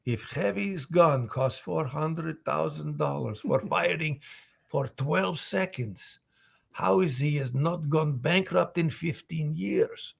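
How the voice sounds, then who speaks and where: Speaking slowly with vocal fry and a breathy edge, this male voice actor has a voice on the high side. At his live signing he chats casually, reads fan questions from the chat aloud, and tells stories with lots of chuckles.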